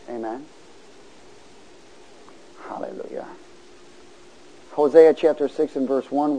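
A man's voice: mid-range voice, poor audio. Call-and-response preacher man. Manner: call-and-response, rising to loud exhortation. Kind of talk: sermon.

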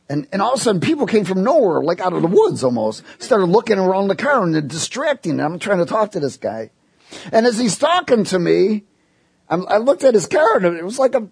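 A man's voice: sits high, big pitch swings, a little fast, vocal fry, a little mellow, slightly rough, no room sound. A man preaching a sermon and telling a personal story, acting out voices as he goes. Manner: storytelling, quoting voices in his tale.

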